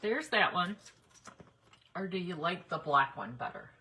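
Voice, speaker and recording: Chatty crafter, woman, bright lively delivery, talks viewers through her work live. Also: lowish voice, unhurried. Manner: chatty, talks while working, addresses viewers directly. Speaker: craft demonstrator on a live stream. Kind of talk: live crafting demo chat.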